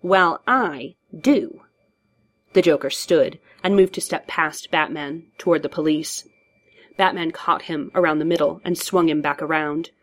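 A woman narrating a story in a steady, measured audiobook reading. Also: low voice.

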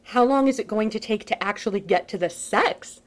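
A woman reading a story aloud in a wry, animated way, swearing freely in the narration. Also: medium pitch, moderate pace. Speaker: reader of fan fiction.

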